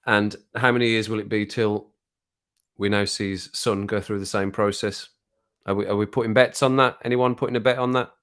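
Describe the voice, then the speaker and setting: A man's voice: lowish voice, steady tone, brisk, a bit bright. A man chatting casually on a live stream from home, rambling and laughing often at himself. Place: home room with sun on the window.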